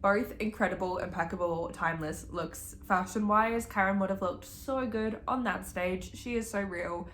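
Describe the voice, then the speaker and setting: A woman's voice: mid-range voice, moderate pace, hardly any pauses, a bit bright, a little hiss or hum. Gushing young woman vlogger. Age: young adult. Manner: gushing, chatty, swears freely. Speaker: book vlogger. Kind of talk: casual reading vlog chat.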